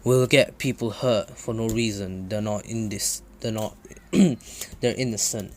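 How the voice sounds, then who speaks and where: A man voicing a confident teenage ninja boy who lectures his rival calmly, in his own everyday voice with hesitations and restarts. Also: fairly low pitch, a little slow, voice pushed down, close to an everyday voice. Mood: calm, lecturing. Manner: plain storytelling voice with ums and restarts. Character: confident teenage male ninja, calm and preachy. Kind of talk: retelling a fan story.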